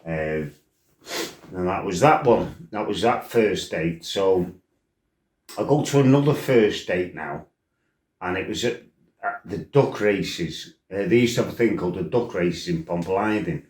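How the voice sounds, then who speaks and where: Deep-voiced man swearing through a story. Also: lively intonation, unhurried, darkish tone. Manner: blunt, salty, swears freely, rambling asides. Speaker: former fighter telling his life story. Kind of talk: casual storytelling monologue. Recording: roomy echo.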